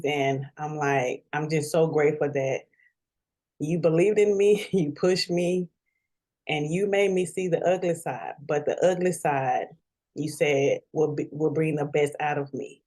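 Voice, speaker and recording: A middle-aged woman speaks in a low, slightly mellow voice as an interview guest. She is heartfelt and grateful, close to tears throughout this emotional interview.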